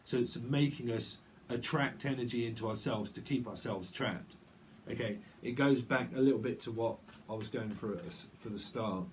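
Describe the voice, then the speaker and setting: A man giving a casual tarot reading, chatty and rambling, with quick asides. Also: mid-range voice, slight background noise. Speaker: tarot reader.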